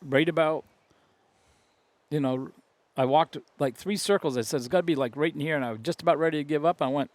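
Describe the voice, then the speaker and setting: A man's voice: on the high side, fairly quick, dry recording. Laid-back man telling a camp story, dry sound. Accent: New England. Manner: laughs along, short agreeing replies. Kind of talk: casual chat among friends.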